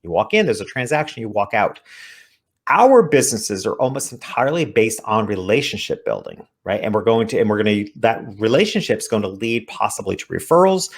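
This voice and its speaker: A man's voice: on the low side, sing-song, moderate pace. A man, an author guesting on an interview show, talking earnestly as he explains his ideas. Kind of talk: interview conversation.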